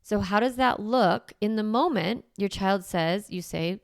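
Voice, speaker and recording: A woman who is a parenting coach hosts a conversational teaching podcast, explaining things in a casual, reassuring way and repeatedly asking "right?". Her voice is medium-pitched, a little slow and creaky. The recording is dry and studio quality.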